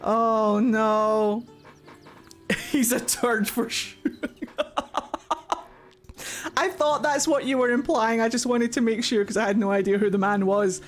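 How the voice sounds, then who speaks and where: A woman's voice: fairly high pitch, fairly even intonation, slow, long pauses. A woman live-streaming a game, chatting with viewers in a crude, giggly way and laughing often. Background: game music.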